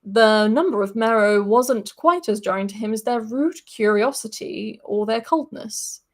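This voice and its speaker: A woman with a fairly high voice reads a fantasy story aloud as a podcast host. She narrates steadily, now and then breaking off for a casual aside before going back to the text. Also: unhurried. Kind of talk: reading fiction aloud with asides.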